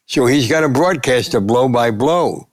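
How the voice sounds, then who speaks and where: Gravelly older man spinning boxing stories. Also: medium pitch, normal speed, no room sound. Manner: animated anecdotes, acting out quotes. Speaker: sportswriter guest. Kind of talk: storytelling interview.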